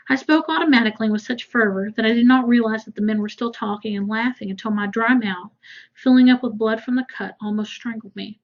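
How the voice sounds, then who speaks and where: A woman's voice: on the high side, brisk, dull audio. A woman teacher reading a novel aloud to a class, breaking off for casual explanations. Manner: casual asides between readings.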